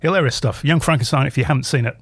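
A man's voice: mid-range voice, rapid-fire, fairly bright tone, breathy edge, no room sound. Dry-voiced man telling rambling radio anecdotes. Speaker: radio show host. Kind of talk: casual radio chat.

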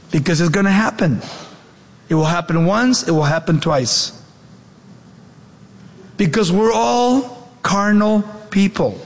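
A man's voice: on the high side, big-room sound. A male pastor preaching a sermon, emphatic and fond of rhetorical questions.

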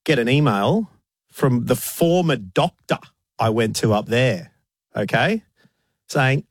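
A man's voice: medium pitch, lively intonation, slow pace, pauses often, no room sound. Australian male co-host, mock-outraged storyteller, voice swings widely, dry close sound. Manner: mock-exasperated, acts out quoted voices. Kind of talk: casual chat.

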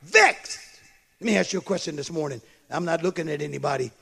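A man pastor preaching a fervent sermon, swinging from shouted lines to low, quick asides. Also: vocal fry, husky.

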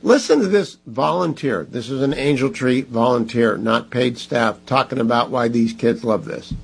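A man's voice: medium pitch, normal speed, gravelly, husky. A man hosting a political talk radio show, making emphatic, preachy fundraising appeals with scolding asides.

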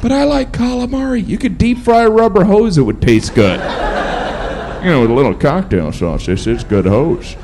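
Male stand-up comic, animated, does quick character voices, noisy live room. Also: medium pitch. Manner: animated, slipping into mock voices for the bits. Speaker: stand-up comedian. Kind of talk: stand-up comedy set.

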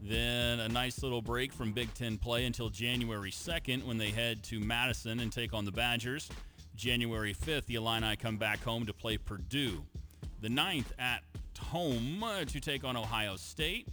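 A man's voice: medium pitch, pushed and bright. A man hosting a casual sports talk show, joking with his co-hosts and reading out a team's schedule with energy. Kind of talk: casual sports radio banter.

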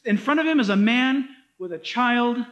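This male pastor's voice is strikingly high as he preaches at a normal speed. He leans into animated, dramatic emphasis, hammering home each point.

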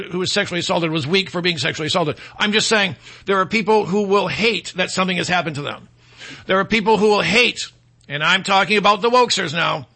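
Gravelly, bright-toned combative talk host. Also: male voice, sits high. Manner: mocking, combative, mimics opponents in quoted voices. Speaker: radio talk show host. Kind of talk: opinionated political talk monologue.

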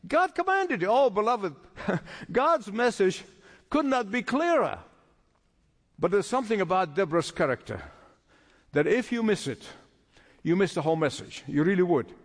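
Animated high-voiced male preacher. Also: normal speed, long pauses, in a large hall. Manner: emphatic, repeats phrases for stress. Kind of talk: sermon.

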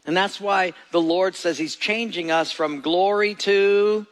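A man's voice: high-pitched, a little slow. A male pastor preaching a sermon in a church, telling folksy stories with jokes. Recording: echoey hall.

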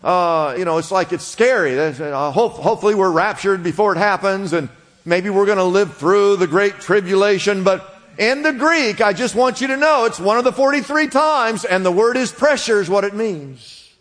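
A man's voice: fairly high pitch, fairly bright tone, long reverb tail. A man preaching a sermon, explaining a word in a conversational teaching manner and prompting the congregation to repeat after him. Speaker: pastor.

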